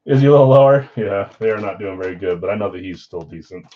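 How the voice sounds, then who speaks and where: A man's voice: fairly low pitch, fast, phone-quality sound. A man hosting a live sports card break stream, chatting casually with viewers while he opens packs.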